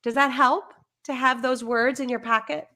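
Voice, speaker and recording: A high-pitched woman with a bright, lively timbre talks through parenting advice. She is animated and breaks into little acted-out lines of what a parent or child might say. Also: moderate pace. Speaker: parenting educator. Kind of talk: conversational advice on a live stream.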